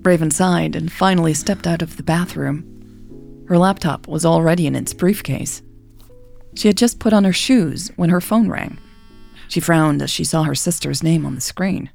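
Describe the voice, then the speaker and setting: A woman reading a romance story aloud in a calm, even narration. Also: low voice, measured pace, vocal fry, faint music behind.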